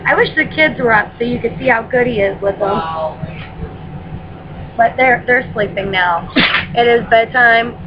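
A woman's voice: fairly high pitch, a little slow, pauses often, background noise. Chatty woman on a dull webcam mic. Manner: chatty, coos in baby talk to her dog. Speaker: mother and vlogger. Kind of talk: casual home vlog chat. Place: home at night, indoors. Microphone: laptop webcam. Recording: dull lo-fi webcam audio with music behind.

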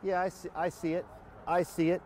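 A man's voice: high-pitched, flat delivery, brisk, a little mellow, slight background noise. A man hosting a casual live sales walkthrough outdoors beside a motorhome, upbeat and chatty with frequent fillers. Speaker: host of a sales livestream. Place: outdoors by a motorhome near a highway.

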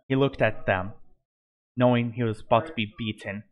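A man's voice: medium pitch, steady tone, moderate pace, muffled recording. A man reading a fan-written adventure story aloud in an amateur way, stumbling and correcting himself. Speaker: narrator.

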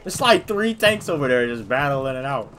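A man hosting a gaming video, giving excited, slangy commentary while he plays, often yelping or shouting. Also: medium pitch, moderate pace. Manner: jokey, yelps and shouts at sudden moments, slangy. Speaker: gaming channel host. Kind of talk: excited live gameplay commentary. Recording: gunfire and game noise clearly behind.

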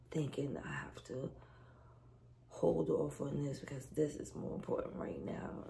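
A stressed, exhausted woman venting to her vlog viewers in a weary, halting way. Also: deep voice, vocal fry, dark tone. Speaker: vlogger.

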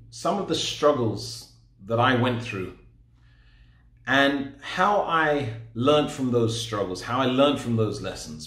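A middle-aged man giving a personal testimony talk as a guest speaker, telling his story and retelling past conversations. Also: medium pitch. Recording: roomy echo.

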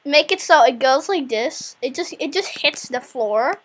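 A female channel host chatting casually while building a small game, quick to shriek when something works or goes wrong. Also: high voice. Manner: excitable, shrieks when things go right or wrong.

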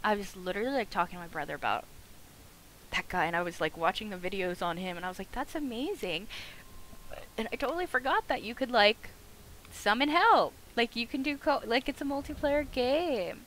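A young woman streaming a game, excitable and profane, swinging from shouts to hushed asides. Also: a little high, fairly quick, slight background noise, rough recording. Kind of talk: live game stream commentary.

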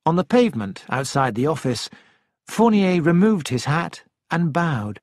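Guy reading an audiobook, high voice, slow and steady, dry sound. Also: no echo. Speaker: audiobook narrator. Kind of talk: scripted narration.

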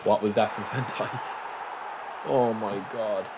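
A man commentating on his own football video game match, excitable, calling his viewers lads and bursting into shouts at big moments. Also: lowish voice, slow pace, background noise. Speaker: gaming YouTuber.

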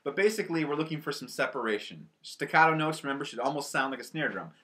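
Teaching a band lesson from home, this school band director talks fast with a fairly high, expressive voice that sounds pushed and bright. He stays upbeat while explaining the music, counting aloud to players and calling out over the drums.

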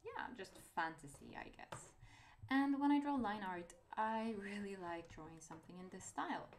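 A woman's voice: medium pitch, lively intonation, moderate pace, a little hiss or hum. Hesitant woman with a Norwegian accent. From Norway. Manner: hesitant, rambling, self-deprecating. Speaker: artist vlogger. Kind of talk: casual talk about art.

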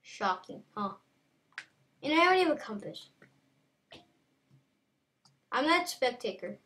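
Woman, high voice, unhurried, playful game commentary, excitable, taunting. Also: distant mic. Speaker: gameplay commentator.

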